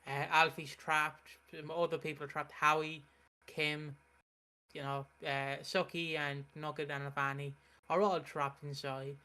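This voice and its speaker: Bright-voiced young man recapping a soap. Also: fairly high pitch, level tone, a little slow, smooth. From United Kingdom. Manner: recaps the plot with many fillers and restarts. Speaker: soap opera reaction host. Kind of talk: casual recap chat.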